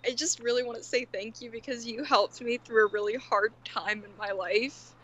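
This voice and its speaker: Soft-spoken woman fan on a call. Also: on the high side, steady tone, moderate pace, muffled recording, background noise. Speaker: fan caller. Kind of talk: video call chat.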